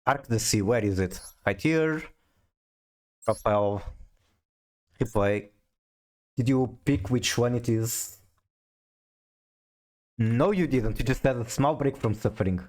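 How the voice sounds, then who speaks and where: A man's voice: mid-range voice, takes it slowly, pauses often, a little mellow. A man streaming a card game, chatting casually with viewers, often stammering as he restarts sentences. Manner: chatty, stammers on restarts, reads chat aloud. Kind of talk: casual live-stream chat while playing a card game.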